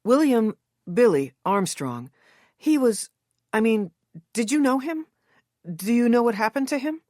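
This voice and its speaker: A woman's voice: mid-range voice, sing-song, normal speed, no echo, clean studio sound, pitched above the performer's own voice. A woman voicing an earnest young American bookshop worker, asking questions eagerly and a little breathlessly. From United States.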